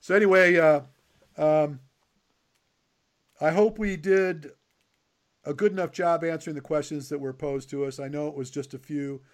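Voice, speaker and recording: A man's voice: a little high, fairly even intonation, normal speed, long pauses. An older man hosting a podcast in a casual, teasing chat with his guest. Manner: joking, teasing. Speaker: podcast host.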